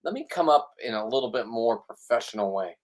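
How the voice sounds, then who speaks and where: A man's voice: medium pitch, lively intonation, brisk. Man rambling and joking to viewers. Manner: joking, boastful, off-the-cuff. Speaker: vlog host. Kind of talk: casual rambling chat.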